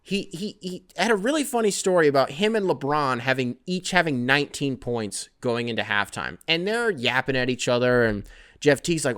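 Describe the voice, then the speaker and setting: A man's voice: medium pitch, lively intonation, moderate pace, fairly bright tone. A male podcast host in easygoing conversational mode, reading and answering listener mail. He drifts from one thought to the next with a scattered, rambling delivery. His talk is casual and peppered with profanity. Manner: loose, rambling and profane, self-described scatterbrained.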